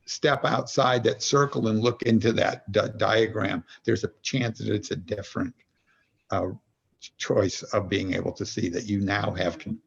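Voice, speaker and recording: A man's voice: lowish voice, steady tone, moderate pace, creaky, breathy edge, lo-fi sound. A man as a podcast guest and executive coach, talking in an earnest, meandering way and explaining his ideas through everyday examples. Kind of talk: reflective conversational storytelling.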